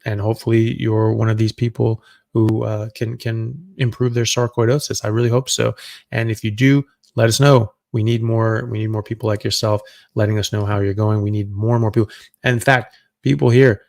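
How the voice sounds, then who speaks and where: A middle-aged man with a low, gravelly voice, hosting a live question-and-answer stream as a doctor. He talks loosely and conversationally, thinking aloud as he goes. The sound is dry and close. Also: level tone, moderate pace, a little mellow, no room sound.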